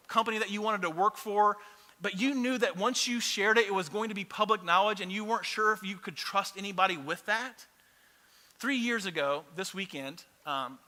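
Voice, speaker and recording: A man preaching a sermon as pastor, speaking in an animated, earnest way that often restarts mid-sentence. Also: sits high. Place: church auditorium. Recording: long hall reverb.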